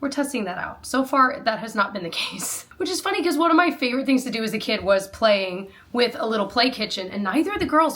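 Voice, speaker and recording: A woman's voice: fairly high pitch, expressive, fairly quick, sharp tone. A woman in her thirties chatting casually to her viewers while doing chores, rambling and self-deprecating. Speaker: lifestyle vlogger.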